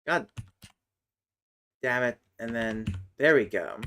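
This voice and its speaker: A woman's voice: very deep voice, lively intonation, fairly bright tone, slight background noise. A streamer chatting casually while working on a made-up language, muttering to herself as she looks things up. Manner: slow, muttering while typing and looking things up. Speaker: streamer building a constructed language. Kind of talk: casual livestream chat. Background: keyboard typing and clicking.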